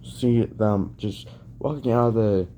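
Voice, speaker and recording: A man spins a fan-fiction story off the cuff, rambling and circling back on himself. His voice sits low and mellow, and he takes his time between phrases. A faint hum of background noise runs under him. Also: steady tone, unhurried. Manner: rambling, restarts often, leans on filler phrases.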